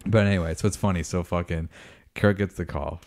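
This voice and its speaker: A man's voice: sits low, fairly even intonation, a little fast, darkish tone. A man co-hosting a podcast, telling a long story in a casual, profane, rambling way. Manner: rambling, profane, laughs through his story. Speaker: podcast co-host.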